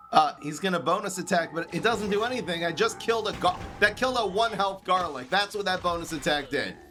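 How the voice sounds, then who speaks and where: Bright-voiced streamer with an East Coast lilt. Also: male voice, sits high, normal speed, long pauses, faint music behind. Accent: New York-tinged East Coast. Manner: thinks aloud, excitable, laughs often. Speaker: streamer playing a card game. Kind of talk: live game commentary.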